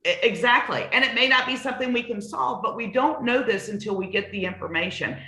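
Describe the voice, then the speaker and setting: A woman's voice: on the high side, animated, fairly quick, sharp tone. A middle-aged woman, a new home sales trainer, coaching in an earnest, emphatic conversational way and repeating points for stress. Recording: roomy echoey sound.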